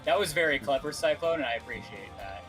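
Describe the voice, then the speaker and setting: Easygoing male co-host, mid-range voice, reads review text aloud; music clearly audible underneath. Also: mid-range voice, lively intonation, fast talker, a bit bright. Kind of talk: casual gaming chat, reading reviews aloud.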